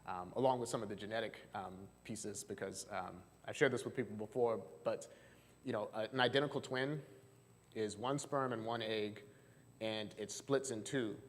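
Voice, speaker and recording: In a church hall with long reverb, a male marriage and family therapist presents a chatty seminar to a live audience, often asking them questions and using frequent fillers. His pitch is fairly low, his tone steady, and his speed normal.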